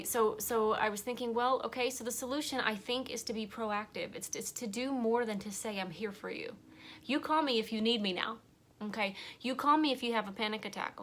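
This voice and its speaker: A woman's voice: mid-range voice, fairly bright tone, slight background noise. A woman giving a heartfelt, rambling personal monologue while crying. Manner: earnest, rambling, emotional. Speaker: vlogger and podcast host.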